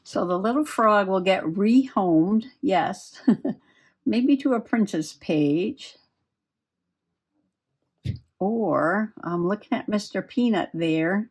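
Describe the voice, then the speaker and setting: Slow-talking giggly woman crafting. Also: medium pitch. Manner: chatty, giggly, talks while working. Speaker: crafting vlogger. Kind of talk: casual crafting chat.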